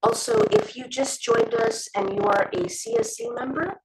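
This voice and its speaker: A woman's voice: sits high, very animated, normal speed, vocal fry, noisy background. A woman facilitating an online community meeting, making announcements and handing over to speakers. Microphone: video call. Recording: choppy video call audio.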